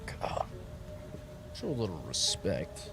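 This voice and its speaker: A male streamer whose low, gravelly voice swings wildly in pitch as he jokes and swears through his gameplay. Game music plays clearly behind him. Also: slow. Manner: profane, excitable, jokey. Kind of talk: casual gameplay commentary.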